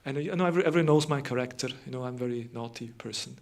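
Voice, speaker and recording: A man's voice: medium pitch, racing, vocal fry, close to an everyday voice. A man voicing a playful young male god who teases his wife, in a lightly raised voice. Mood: teasing.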